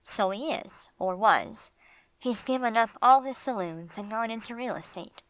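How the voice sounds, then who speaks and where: A woman voicing a tough, streetwise male bulldog who talks in blunt, gruff slang in an audiobook. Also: a little high, a little slow, fairly bright tone. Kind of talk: audiobook character voice.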